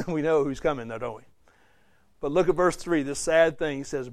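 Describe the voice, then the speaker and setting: A man's voice: fairly high pitch, normal speed, no room sound. A man teaching a Bible class, conversational, quizzing his listeners and acting out the quotes he reads. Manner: conversational, asks the class questions, acts out quotes. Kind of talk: interactive Bible study teaching.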